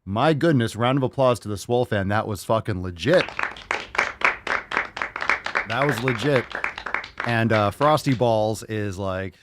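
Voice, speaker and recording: A man's voice: lowish voice, unhurried, long pauses, no room sound, studio quality. A man hosting a casual podcast, joking crudely and talking with hype. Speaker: podcast host.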